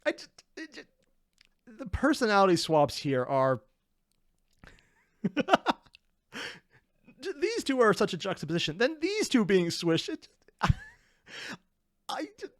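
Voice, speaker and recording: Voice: medium pitch, slow, long pauses, no room sound, studio quality. A person hosting a reaction video, chatting casually, laughing often and cutting themselves off mid-thought. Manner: excitable, laughing, self-interrupting.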